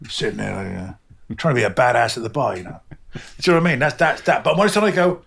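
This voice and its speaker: Gravelly animated English man, swears freely. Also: fast talker, slight background noise. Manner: animated, swears freely, jumps into high mimicking voices. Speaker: comic book artist. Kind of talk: casual interview chat.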